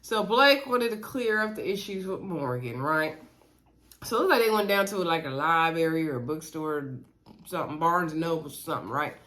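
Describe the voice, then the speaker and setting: A woman recapping a reality dating show in a chatty, animated way, retelling scenes and talking to her viewers. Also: deep voice, normal speed. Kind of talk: casual recap chat.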